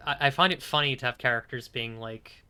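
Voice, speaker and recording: Young male streamer, bright tone, loose casual chat, halting and chuckly. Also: medium pitch, smooth. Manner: rambling, hesitant, lots of fillers and restarts, chuckling. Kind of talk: casual chat while playing a game.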